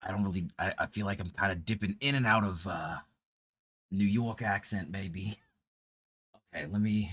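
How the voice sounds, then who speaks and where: A man's voice: low voice, normal speed, pauses often, a bit bright, slightly rough, no room sound. A man streaming live, chatting casually and reacting aloud with laughter.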